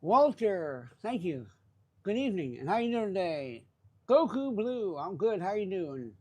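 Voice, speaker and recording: A man hosting a live stream in casual chat, greeting viewers by name in a relaxed, chatty way. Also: high-pitched, unhurried. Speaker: livestream host.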